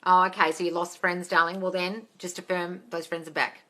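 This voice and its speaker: A woman's voice: lowish voice, flat delivery, brisk, fairly bright tone. A woman answering viewer questions on a live stream as a manifesting coach, blunt and sweary, calling viewers darling. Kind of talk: livestream Q&A.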